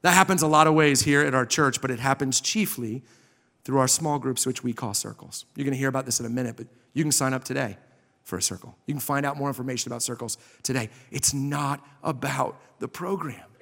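A man preaching a sermon as pastor, impassioned, swinging from loud emphasis to a soft hush. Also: medium pitch, a little fast, vocal fry. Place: church sanctuary. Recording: long hall reverb.

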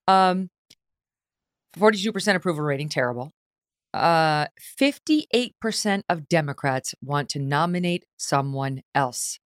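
A woman's voice: low-pitched, unhurried, smooth, no echo, clean studio sound. A woman hosting a podcast, talking casually about politics and mocking the people she quotes. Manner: animated, mocking quoted voices. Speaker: podcast host.

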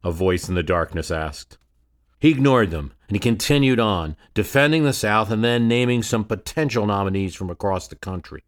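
Low-ish voice guy narrating history, dramatic storyteller, lots of rhetorical questions. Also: expressive, moderate pace.

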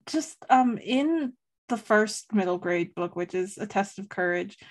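A woman's voice: medium pitch, lively intonation, unhurried, very noisy. Rambling, giggly young woman. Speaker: podcast co-host. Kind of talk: casual fan discussion.

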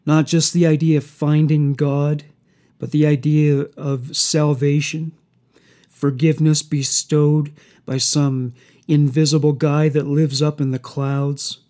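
A man playing a calm, mocking male killer in a horror story, soft-spoken and coldly menacing. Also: on the high side, takes it slowly.

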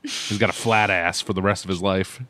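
A man's voice: low-pitched, steady tone, normal speed, bright, forceful tone, dry recording. A man co-hosting a podcast in casual chat, ranting and swearing in an exasperated way. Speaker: podcast co-host.

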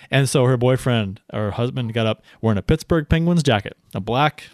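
A man's voice: medium pitch, fast talker, hardly any pauses, dry recording. Podcast guy rambling about hockey, dry close mic, mid voice. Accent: St. Louis. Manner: rambling, many fillers and restarts. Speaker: podcast co-host. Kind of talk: casual sports chat.

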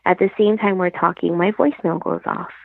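Woman on a gravelly, husky phone line. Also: lowish voice, fairly even intonation, fairly quick, no echo. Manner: earnest, retells conversations as she goes. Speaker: guest. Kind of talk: personal storytelling. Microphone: phone call. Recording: tinny phone line, dry.

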